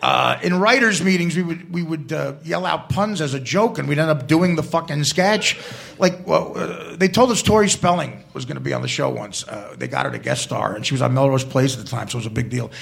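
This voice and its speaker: A man with a high, rough-edged voice spins long comic anecdotes at a live show. He is crude and self-mocking, and his lively pitch jumps around as he builds toward each punchline. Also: a little fast. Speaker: comedian guest. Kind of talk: comedic storytelling.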